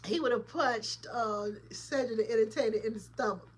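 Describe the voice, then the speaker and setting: A woman with a husky, somewhat high voice hosts a casual commentary vlog at a moderate pace. Chatty and opinionated, she speaks straight to her viewers with colloquial emphasis and laughs often.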